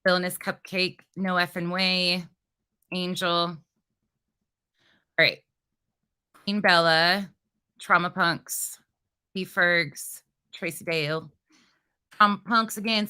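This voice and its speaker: On her livestream, a woman angrily rants at a rival, swearing and taunting her. Her voice is on the low side, with a sharp, clean tone.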